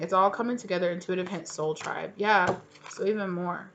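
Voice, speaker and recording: A woman's voice: lowish voice, brisk, highs cut off, music in the background. A woman giving a casual, encouraging tarot reading to her viewers, talking loosely with lots of "you know" and "like". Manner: chatty and encouraging, many fillers like "you know". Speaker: tarot reader.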